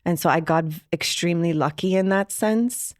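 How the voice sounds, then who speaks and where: A woman's voice: lowish voice, normal speed, no room sound, studio quality. A woman from Iran, a podcast guest telling her personal story candidly, reflective and full of "like" fillers.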